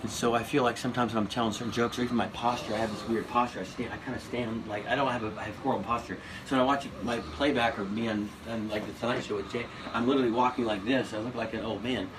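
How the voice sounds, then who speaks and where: A man in his fifties, a comedian guest, telling stories in a casual interview, animated and profane, often restarting his sentences. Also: medium pitch, fast, hardly any pauses. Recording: noisy recording.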